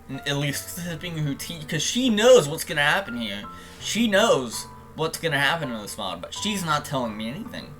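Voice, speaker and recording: A man's voice: mid-range voice, animated, moderate pace, bright, forceful tone, soft background music. A young man streaming a game, giving jokey, profane commentary and openly admitting his nerves.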